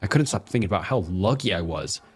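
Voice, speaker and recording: A man's voice: sits low, expressive, fast talker, breathy edge. A man playing a crude, drunken, swearing husband. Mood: bitter, rambling. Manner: crude, swearing, rambling and boastful. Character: drunk, violent, self-pitying younger husband. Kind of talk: horror story narration.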